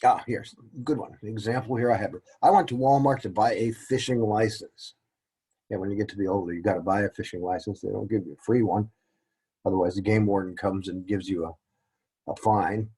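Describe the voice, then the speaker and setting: A man's voice: sits low, fairly even intonation, brisk, warm tone, husky, low-quality recording. A man teaching a casual lesson, rambling and joking at his own expense. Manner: rambling, joking and self-deprecating. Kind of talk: casual classroom-style lecture.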